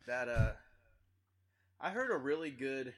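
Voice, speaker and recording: A young man chatting casually, rambling through a story with lots of fillers and breaking into loud, high-pitched impressions of the people in it. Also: very animated, unhurried. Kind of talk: casual chat.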